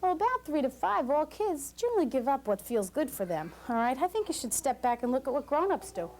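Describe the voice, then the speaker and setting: A woman giving a lively, joking lecture to new parents as a parenting class instructor. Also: high-pitched, brisk.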